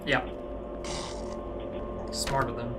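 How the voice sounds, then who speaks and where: A man's voice: mid-range voice, little pitch movement, drawn-out words, loud music behind the voice. Chatty man playing a horror game. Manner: chatty, muttering asides to himself. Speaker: gaming channel host. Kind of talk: casual let's-play commentary.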